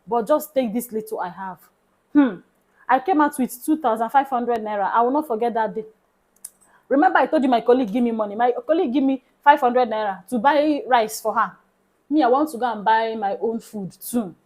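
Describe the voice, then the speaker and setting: A Nigerian woman vlogger recounting a personal story in casual talk. She is animated and slips into soft hushed tones. Her voice sits somewhat high. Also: fairly quick, poor audio.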